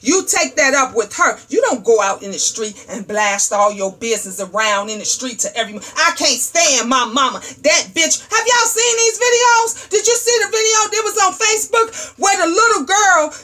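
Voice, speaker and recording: A middle-aged woman hosting a livestream talk show, ranting in a loud, profane, sassy storytelling way. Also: extremely high pitch, sing-song, normal speed, hardly any pauses. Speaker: host.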